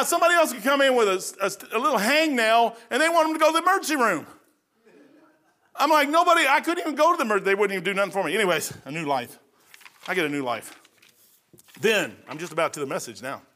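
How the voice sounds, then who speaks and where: A man's voice: high voice, animated, fast, sharp tone, a little hiss or hum. A man preaching a folksy sermon, rambling through stories and laughing at his own jokes.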